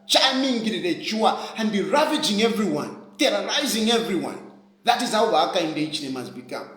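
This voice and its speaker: A man's voice: sits high, big pitch swings, a little fast, fairly bright tone, roomy sound, low-quality recording. A man from Zambia with a Zambian accent, an opposition politician ranting impassionedly on a live stream and repeating his phrases over and over.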